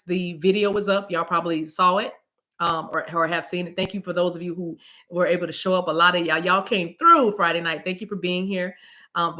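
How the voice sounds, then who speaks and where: A woman's voice: on the low side, fairly bright tone. A middle-aged woman from the US East Coast, a spiritual reader chatting casually on a livestream, rambling playfully and greeting viewers by name.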